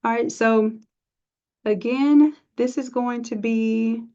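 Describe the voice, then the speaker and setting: A woman teaching a live software design class, chatty and encouraging, thinking aloud as she works. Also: on the high side, fairly even intonation, slow, clean tone. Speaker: design instructor. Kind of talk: live screen-share tutorial. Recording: dull lo-fi stream audio.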